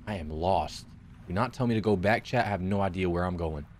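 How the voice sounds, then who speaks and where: A man's voice: deep voice, brisk, a little mellow, slight background noise. A young man streaming a horror game, jumpy and swearing a lot as he talks to his chat and to himself. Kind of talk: live horror gameplay commentary.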